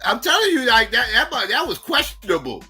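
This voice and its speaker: A man's voice: very high voice, huge pitch swings, normal speed, sharp tone, slightly rough, faint music behind. A man hosting a livestream, reacting with profane, mocking rhetorical questions. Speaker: livestream host. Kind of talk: live reaction commentary.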